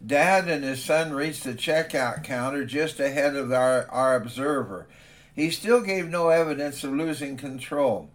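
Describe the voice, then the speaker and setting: A man, a father himself, preaching a sermon in a conversational storytelling manner. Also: mid-range voice.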